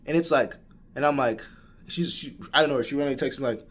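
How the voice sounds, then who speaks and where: A young college guy rants casually to the camera in a vlog, rambling, restarting, and calling the listener "bro." His medium-pitched voice is fast and fairly bright.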